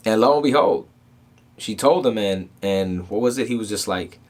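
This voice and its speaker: A man with a mid-range voice talks at a moderate pace as host of a motivational podcast. His talk is casual, full of streetwise, animated storytelling, and he keeps asking "right?" to check in with listeners.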